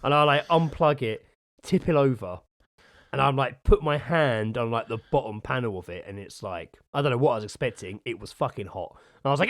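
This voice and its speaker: A man co-hosting a podcast, telling animated stories in casual chat and swearing a lot. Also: mid-range voice, fairly quick, no echo, studio quality. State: sore from gardening. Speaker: podcast co-host.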